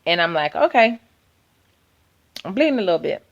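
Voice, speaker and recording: A woman's voice: lowish voice, animated, racing, vocal fry, lo-fi sound. A woman vlogger, possibly, telling an emotional personal story and quoting herself and her doctors.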